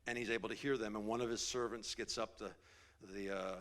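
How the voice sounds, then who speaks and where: A man preaching, telling a Bible story in a loose, animated way, sometimes dropping to a whisper for drama. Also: fairly low pitch, a little fast. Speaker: pastor. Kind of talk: sermon storytelling.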